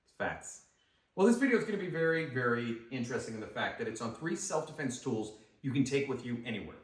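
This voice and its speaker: A man's voice: mid-range voice, lively intonation, fast talker. Man teaching self-defense in a roomy space. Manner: enthusiastic, talks while demonstrating moves. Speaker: self-defense instructor and host. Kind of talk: casual instructional demonstration. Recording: roomy echo, mic some distance away.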